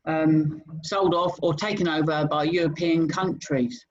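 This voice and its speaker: Brief: slow-talking British male co-host, higher voice, halting, dull lo-fi sound. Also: steady tone. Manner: hesitant, repeats words, many ums. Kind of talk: casual chat show.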